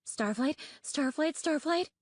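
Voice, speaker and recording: Rich: A squeaky young dragoness who talks in shrill, panicked rushes, pitched well above plain speech, as a woman puts her on in an audiobook. Recorded close with no room sound. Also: dry recording, natural voice. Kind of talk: audiobook character voice.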